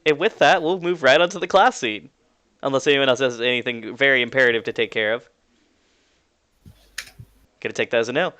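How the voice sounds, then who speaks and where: A man narrating a tabletop game as game master in a relaxed, chatty way. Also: medium pitch, fairly quick, long pauses, smooth, no echo.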